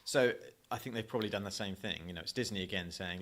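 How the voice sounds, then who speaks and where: Chatty low-voiced man from Essex. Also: fast talker, a bit bright. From Essex, England. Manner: rambling, self-correcting, jokey. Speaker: podcast co-host. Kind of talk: casual chat.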